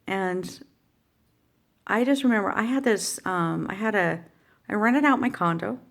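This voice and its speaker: Emotional woman vlogger with a gravelly edge. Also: mid-range voice, unhurried. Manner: emotional, rambling, with many fillers and restarts. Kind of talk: personal story vlog.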